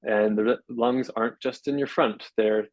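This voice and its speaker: A physiotherapist explaining breathing in a measured way, often pausing with fillers and restarting his sentences. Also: on the low side, steady tone, no room sound, poor audio. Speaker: physiotherapist guest. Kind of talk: explanatory interview talk.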